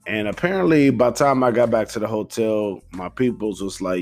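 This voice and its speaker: Low-voiced man rambling casually. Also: fairly quick, hardly any pauses, soft background music. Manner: rambling, profane, slangy, laid-back. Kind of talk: casual storytelling monologue.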